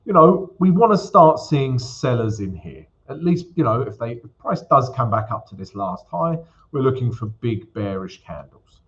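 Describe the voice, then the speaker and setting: A man's voice: medium pitch, big pitch swings, normal speed. Chatty man hosting a trading stream, lo-fi. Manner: chatty, keeps calling the audience "guys", many fillers. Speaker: forex trading live-stream host. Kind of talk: casual live-stream chat and chart walkthrough.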